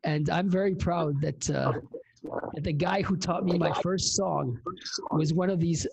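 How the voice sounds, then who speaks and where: A man hosting a talk show who makes slow, emphatic announcements and talks informally, with the odd swear word. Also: on the high side, steady tone, gravelly, darkish tone, a little hiss or hum. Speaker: host.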